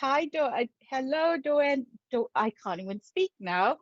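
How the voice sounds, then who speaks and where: A woman hosting a psychic live stream, chatty and playful as she greets viewers. She talks slowly in a fairly high voice. The sound is dull and lo-fi, with a dry, close feel. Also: lively intonation, no room sound. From England. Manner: chatty and playful, laughs often. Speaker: psychic medium and spirit artist.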